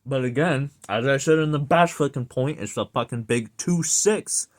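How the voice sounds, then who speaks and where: A young vlogger rants to camera for his viewers, loose and off-the-cuff, swearing freely in an exasperated, sarcastic way. His voice sits at a middle pitch for a man, at a moderate pace.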